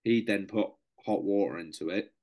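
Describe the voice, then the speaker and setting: A young man with a very deep voice tells a story on a podcast. He is casual and matey, calls people "mate", and swears freely as he goes. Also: normal speed, darkish tone. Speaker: podcast guest, serving soldier.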